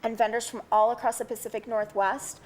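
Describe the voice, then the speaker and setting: Woman event producer, upbeat and eager, fairly high voice, rattling off details. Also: flat delivery, a little fast, darkish tone. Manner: upbeat and eager, listing many details with frequent "um" and "like". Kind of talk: promotional interview.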